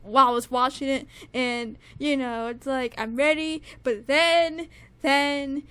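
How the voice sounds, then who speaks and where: Speaking at a measured pace, a woman with a high voice reviews music on her own in a casual way. Her fangirl enthusiasm spills into rambling full of fillers and repetition, with occasional excited high shrieks.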